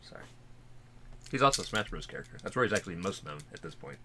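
A man's voice: deep voice, expressive, fast talker, creaky, pushed and bright, a little hiss or hum. A man co-hosting a music reaction video, talking loosely and rambling through a late-night chat while wearing a face mask. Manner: loose and rambling, swears casually, fidgety. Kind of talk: casual chat reacting to a song.

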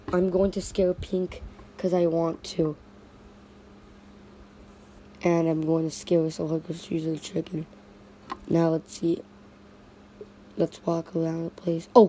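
Low, flat-voiced female toy narrator. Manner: repetitive, sing-song toy voices. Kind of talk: playful toy stop-motion narration.

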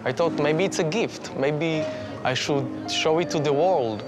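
A man's voice: a little high, unhurried, over music. A man earnestly narrating his backstory as a contestant, with slightly non-native phrasing.

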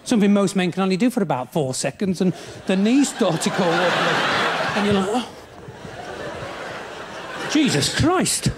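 A man with a British accent doing live stand-up comedy in a chatty, cheeky way, with quick mumbled asides. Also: high-pitched, lively intonation, heavy background noise. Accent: British English. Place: large theatre stage. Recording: live theatre recording, loud audience laughter. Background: audience laughing.

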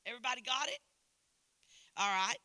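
Casting: older Southern woman preacher with an East Tennessee accent and a high, piercing voice; emphatic and repetitive, swinging from loud to hushed, recorded dry. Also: expressive, fairly quick, no room sound. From Knoxville, Tennessee. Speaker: guest preacher. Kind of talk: sermon. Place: church service.

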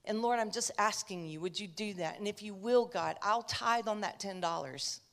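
A woman's voice: medium pitch, normal speed. A woman preacher giving a conversational sermon, telling a personal story with chatty asides.

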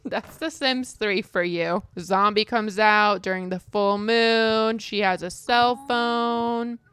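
A woman streaming a life-sim game talks her way through it in a casual, chatty commentary. Her pitch sits at an ordinary middle height for a woman. She sounds exasperated and throws in light swearing. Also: fairly even intonation, slow, fairly bright tone, clear, resonant tone. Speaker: gaming streamer.

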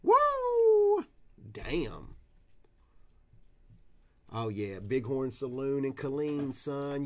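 A Tennessee man with a mid-range, slightly bright voice hosts a casual card-opening live stream, chatting in a rowdy, profane, whooping style as the card breaker.

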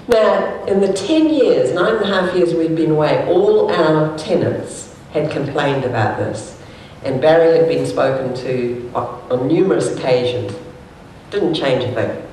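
A woman minister giving a conversational sermon, telling anecdotes and stories and animating the quoted speech. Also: mellow. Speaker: minister, speaker. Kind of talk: sermon with storytelling. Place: church hall. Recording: echoey hall from far off, faint rumble.

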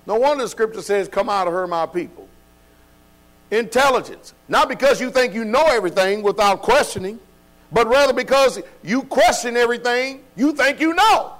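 A man's voice: very high-pitched, lively intonation, a little fast, fairly bright tone. A man preaching at a Bible study, with an emphatic, informal style full of rhetorical questions. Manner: informal speech with dropped verbs.

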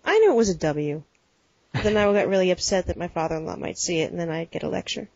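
A woman's voice: on the low side, fast, darkish tone, no room sound, lo-fi sound. A woman co-hosting a podcast in casual chat, teasing with dry asides. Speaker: podcast co-host.

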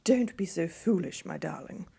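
A woman voicing an eldest princess who soothes and gently scolds her little sister. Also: lowish voice, lively intonation, moderate pace, creaky, slightly rough, heavily acted. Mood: dismissive.

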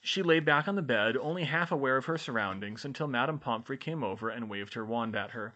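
A man narrating a fan-fiction audiobook in an expressive reading style. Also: mid-range voice, brisk.

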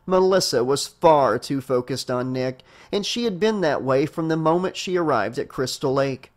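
A man narrating a horror novel as an audiobook reader, with a steady storytelling delivery. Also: mid-range voice, moderate pace.

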